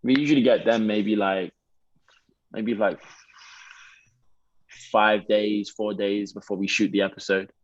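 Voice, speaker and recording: A man from England with a low, deep voice talks in a put-on American accent. He answers questions in a loose, rambling way. The sound is dry and slightly muffled. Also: a little slow, pauses often, no echo. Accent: American (put on, Detroit-leaning). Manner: relaxed, rambling with many fillers and restarts. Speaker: actor, interview guest. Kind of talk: casual interview answers.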